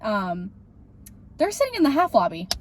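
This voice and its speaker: A woman's voice: mid-range voice, wildly swooping pitch, normal speed. A young woman co-hosting a casual chat, telling a rambling work story. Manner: chatty, rambling with fillers. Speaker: podcast co-host.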